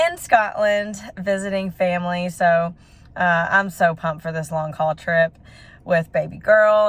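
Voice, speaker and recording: Young woman w a deep-ish low voice, teary and gushy, laughing thru tears, sitting outside in front of a house going up. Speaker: vlogger. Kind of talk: emotional casual vlog update. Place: sitting outdoors in front of a house under construction.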